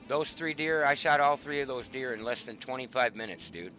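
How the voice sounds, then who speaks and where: A middle-aged man, the host, casually telling hunting stories in a profane, animated way. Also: medium pitch, brisk, soft background music. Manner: profane, animated, swearing often. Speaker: show host.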